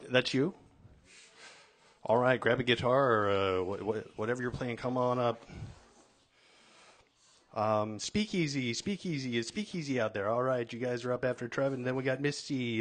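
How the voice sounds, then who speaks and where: A man's voice: mid-range voice, moderate pace. Casual man emceeing an open mic. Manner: casual, calls acts and chats with the crowd. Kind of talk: emceeing a live show.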